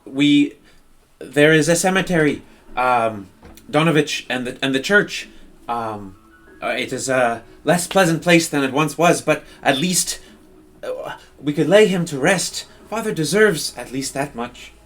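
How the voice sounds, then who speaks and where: Guy doing a stubborn grieving girl, formal and halting, slow. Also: on the high side, lively intonation, a bit bright, faint music behind. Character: grieving young woman, stubborn and proud.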